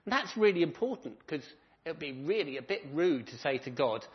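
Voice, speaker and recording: A man's voice: mid-range voice, a little fast, muffled recording. A man giving a children's talk in a church service, telling a story and asking the children questions. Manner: animated storyteller who quizzes children. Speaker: minister.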